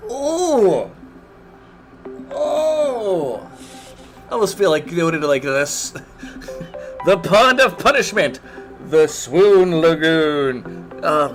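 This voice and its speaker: A man's voice: medium pitch, fairly bright tone. A man commentating his own gameplay on a live stream, exasperated, swearing and groaning at the game.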